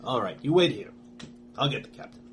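A man's voice: mid-range voice, expressive, brisk, slight background noise, natural voice. A man voicing a helpful male caretaker who tends a stranger kindly. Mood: caring.

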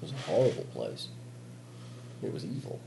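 A man voicing a weary male radio operator at a polar base with a Southern American accent, gruff and brooding as he tells of grim things. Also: lowish voice, wildly swooping pitch, brisk, voice pushed down, heavily acted. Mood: ominous. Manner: gruff, brooding, ominous storytelling. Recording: roomy table recording, faint noise.

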